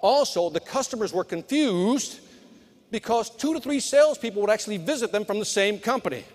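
A middle-aged man speaks from a conference stage in a high, punchy voice, firing sales advice straight at the audience. His words ring out with a long tail of reverb from the large hall. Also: animated, a little fast. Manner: punchy motivational delivery, talks to the crowd. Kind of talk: live conference keynote.

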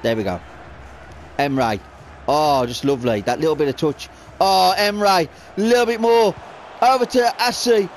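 Playing his football video game on camera, this gaming creator curses and lets out frustrated outbursts at it. He speaks unhurriedly in a fairly high voice, with a slight hiss or hum in the background.

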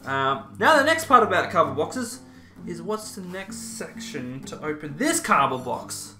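A man's voice: a little high, sing-song, measured pace, bright, forceful tone. A young man chatting casually through an unboxing, with playful, self-mocking asides. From Australia. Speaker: YouTuber. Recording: roomy echo, faint music.

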